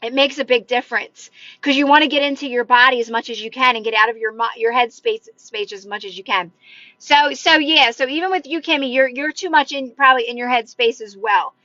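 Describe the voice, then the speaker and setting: A woman's voice: fairly high pitch, brisk, pushed and bright, no room sound, lo-fi sound. A woman hosting a livestream as a manifestation coach, chatting casually and encouragingly with viewers, with lots of "like" fillers. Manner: chatty and encouraging, many "like" fillers, talks with her hands. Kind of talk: casual livestream chat answering viewer comments. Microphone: phone livestream mic.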